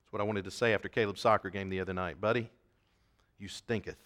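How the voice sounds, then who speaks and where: A man preaching a sermon, reading scripture aloud and swinging between loud emphatic shouts and quiet asides. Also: low voice, fairly even intonation, racing. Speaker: pastor.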